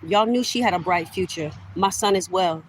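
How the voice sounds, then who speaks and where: A woman's voice: fairly low pitch, normal speed, slight background noise, poor audio. A middle-aged woman ranting straight to camera in an accusatory, heated way, repeating herself for emphasis and addressing listeners as y'all. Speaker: vlogger. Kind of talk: direct-to-camera rant.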